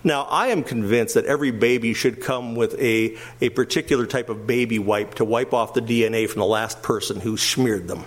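An older man preaching a sermon, animated, swinging between emphatic raised passages and quiet asides. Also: medium pitch, normal speed, few pauses. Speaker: pastor.

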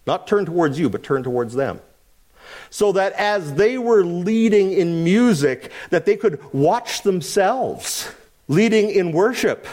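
A male pastor preaching with lots of rhetorical questions. His voice sits high and swings widely in pitch as he presses his points. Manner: animated, full of rhetorical questions. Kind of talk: sermon.

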